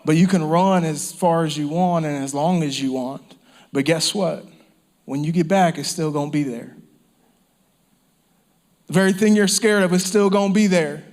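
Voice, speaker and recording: A man preaching a sermon with fervor. His voice sits a little higher than most men's. He repeats his phrases for weight and at times falls to a hush. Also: normal speed, pauses often. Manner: impassioned preaching with repeated phrases and dropped whispers. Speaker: pastor. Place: church or campground service.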